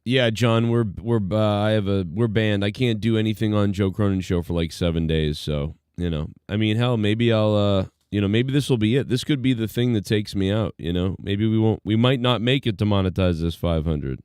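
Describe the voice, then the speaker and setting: Hosting a live stream, a man with a low, mellow voice rambles along in a laid-back way, thinking out loud with lots of fillers. His tone is smooth and dry, his speed normal, and he hardly pauses. The recording is dry.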